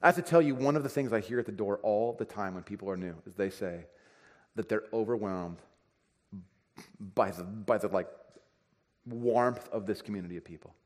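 A pastor preaching a conversational sermon, acting out everyday dialogue. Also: male voice, lowish voice, normal speed, long pauses, a little mellow. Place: church sanctuary. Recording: reverberant church hall.

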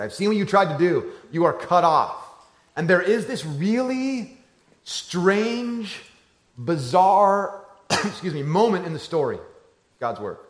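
A man preaching a sermon as a pastor, telling a family story and moving between hushed, low lines and loud, animated ones. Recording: echoey room.

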